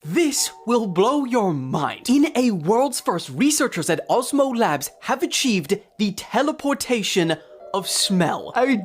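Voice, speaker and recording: Excitable woman explaining a news story. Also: mid-range voice. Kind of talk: short news-style commentary.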